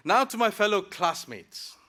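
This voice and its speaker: This high-pitched male voice swings widely in pitch and moves a little slowly, sounding pushed and bright. It belongs to a Malaysian graduating student giving a reflective, gently funny convocation speech to classmates in a ceremony hall.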